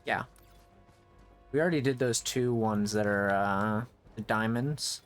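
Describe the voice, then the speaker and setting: A man's voice: lowish voice, measured pace, faint music behind. A man streaming a video game, giving casual running commentary that rambles and often restarts mid-thought to correct himself.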